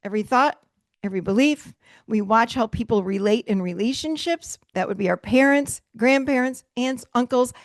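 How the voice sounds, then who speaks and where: A woman in her fifties coaching a workshop audience in a lively, emphatic way, keeping it conversational with small laughs. Her voice sits a little high. The sound is close and dry. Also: moderate pace, no echo. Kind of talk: motivational workshop talk.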